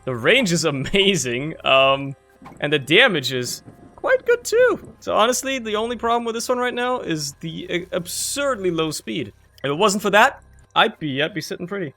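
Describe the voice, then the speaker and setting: Over soft background music, this young man, a YouTuber who makes gaming videos, comments on his own play at a moderate pace in a high voice. He's animated and slangy, often laughing, getting worked up at in-game events and chatting to himself while he plays.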